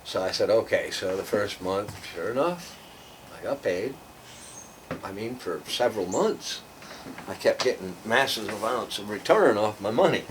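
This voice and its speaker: An older man spins a long, rambling story in a low voice, acting out the people he met and dropping almost to a whisper for asides. He sits some way from the microphone, and steady background noise runs under his talk. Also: moderate pace. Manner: acts out voices in his stories, drops to a near whisper for asides. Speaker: storyteller guest. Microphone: far from the mic. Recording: distant mic, audible background noise.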